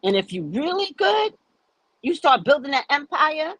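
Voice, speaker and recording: A woman's voice: high voice, big pitch swings, a little slow, no room sound, low-quality recording. A woman hosting a casual commentary show, talking in a sassy, emphatic, lecturing way. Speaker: host.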